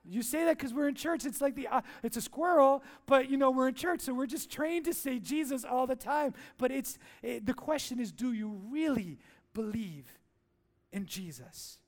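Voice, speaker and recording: High-voiced playful man preaching. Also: animated, moderate pace. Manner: playful, jokey, with call-and-response questions. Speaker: pastor. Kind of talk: sermon. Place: church.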